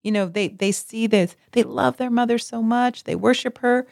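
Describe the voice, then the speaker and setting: In this studio-quality recording with no room sound, a co-host speaks at a moderate pace in a slightly high voice with some vocal fry. She's animated in casual conversation, telling stories and voicing the characters in her examples vividly.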